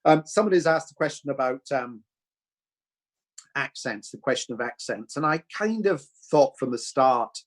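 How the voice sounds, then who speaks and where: A man's voice: medium pitch, expressive, normal speed. A man, a film director, talking through his process in a thoughtful, rambling way with many restarts. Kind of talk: reflective Q&A chat.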